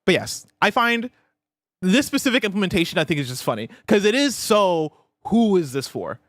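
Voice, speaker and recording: A man's voice: sits high, sing-song, a bit bright, dry recording, studio quality. A man co-hosting a gaming podcast, chatting and joking. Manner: quick, joking banter. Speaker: podcast co-host. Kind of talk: casual gaming chat.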